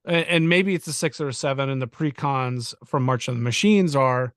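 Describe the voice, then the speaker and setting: A man's voice: medium pitch, normal speed, fairly bright tone, clean tone, dry recording, studio quality. A man co-hosting a casual podcast chat, thinking aloud, repeating words as he starts, and chuckling. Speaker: podcast co-host.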